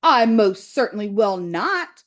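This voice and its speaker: A bossy, suspicious old goose scolds and lectures, as a woman teacher reads her lines aloud. She rattles off advice briskly, with a sharp, no-nonsense edge. It is a children's storybook read-aloud. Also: mid-range voice, very animated. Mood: scolding.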